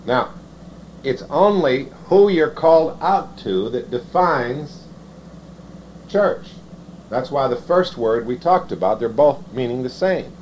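A man preaching a sermon, reading scripture slowly and then explaining it in halting, self-correcting phrases. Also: mid-range voice, animated, darkish tone. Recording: dull lo-fi sound with faint noise.

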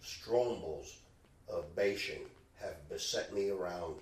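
A man reading scripture aloud in a slow, measured way at a Bible study, now and then stumbling on a word. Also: sits low. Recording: echoey room, distant mic, faint background.

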